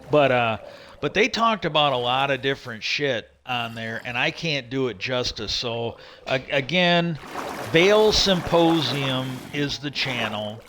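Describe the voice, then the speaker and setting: A man's voice: mid-range voice, pushed and bright, a little hiss or hum. A middle-aged man hosting a livestream, rambling in casual chat and swearing freely as he retells what he heard. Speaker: livestream host.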